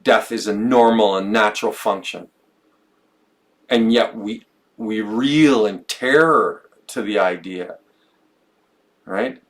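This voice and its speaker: A man with a fairly low voice talks through ideas on a podcast. He muses, repeats himself and restarts phrases as he thinks aloud. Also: lively intonation, slow pace, pauses often. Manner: musing, stumbles and repeats words. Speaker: podcast co-host. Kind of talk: reflective conversational podcast talk.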